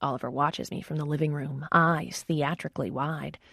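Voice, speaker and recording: A woman narrating a romance audiobook in the first person, with wry, expressive storytelling. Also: low-pitched, moderate pace, creaky, no room sound, clean studio sound.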